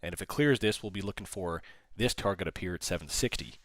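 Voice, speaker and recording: A man with a low voice runs a live day-trading stream from a small studio, calling out price levels and chatting with viewers' questions. He talks quickly in a fairly bright tone, and the recording is dry.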